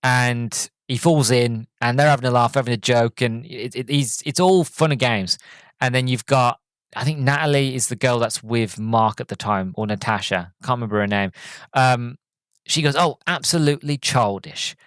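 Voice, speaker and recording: A man's voice: medium pitch, steady tone, moderate pace, fairly bright tone, clean tone, no room sound. Male podcast host, mid-range voice, casual rambling review with many restarts, dry sound. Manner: rambling, self-correcting retelling. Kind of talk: solo movie review chat.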